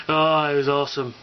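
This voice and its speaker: In a relaxed video response, a man who vlogs about fan conventions wanders from point to point, saying um a lot and swearing cheerfully. He keeps an ordinary pitch and an upbeat delivery, while the recording is dull, lo-fi, and faintly hissy.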